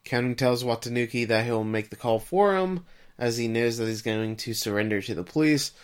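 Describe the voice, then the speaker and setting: A man with a middle-pitched voice co-hosts a casual podcast. He walks through the episode's plot step by step, then turns to his co-host with questions. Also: lively intonation, fairly quick, clear, resonant tone. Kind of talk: casual recap chat.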